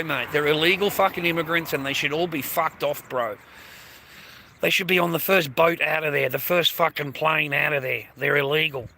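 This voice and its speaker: A man's voice: fairly high pitch, vocal fry, bright, forceful tone, rough recording. An Australian man rambling crudely on a livestream from a train station, swearing constantly and greeting viewers by name. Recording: faint street noise.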